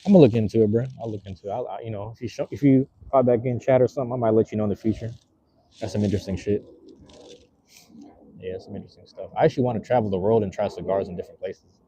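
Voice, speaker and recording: A man's voice: fairly low pitch, racing, dark tone, slight background noise. A man hosting a casual livestream, chatting loosely and reading out viewers' messages, with a rambling, slang-filled manner while smoking a cigar. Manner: laid-back, rambling, reads chat aloud with slang. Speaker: livestream host.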